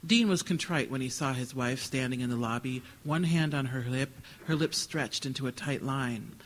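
A man's voice: mid-range voice, normal speed, a bit bright, poor audio. A man giving a live reading of his literary fiction, with a dry, wry storytelling manner. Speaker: author reading.

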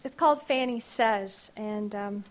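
A woman poet, reading her poems aloud live in a wry, unhurried way. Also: medium pitch. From Kentucky. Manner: wry, unhurried, drawn-out vowels in the verse.

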